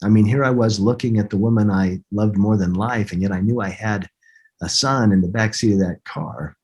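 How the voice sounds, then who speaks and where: Husky middle-aged man, halting and earnest. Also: fairly low pitch, darkish tone. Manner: earnest, halting, restarts often. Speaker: podcast guest. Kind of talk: recounting a personal story.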